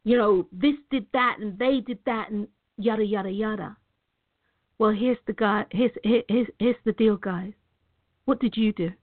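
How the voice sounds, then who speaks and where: A woman's voice: mid-range voice, moderate pace. A middle-aged woman giving an emphatic motivational talk, repeating herself and calling her viewers guys. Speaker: motivational speaker. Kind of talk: direct-to-camera motivational talk. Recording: tinny phone-like audio.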